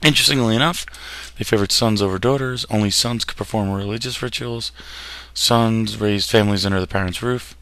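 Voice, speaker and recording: Gravelly low-voiced male history teacher. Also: fairly quick, a bit bright. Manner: casual, jokey, slips and restarts words. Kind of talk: classroom lecture over slides.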